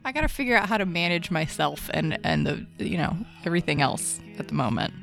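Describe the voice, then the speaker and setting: A woman's voice: on the low side, sing-song, a little fast, vocal fry, fairly bright tone, faint music behind. A woman co-hosting a podcast in casual chat, goofy and affectionate, swearing freely. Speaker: podcast co-host.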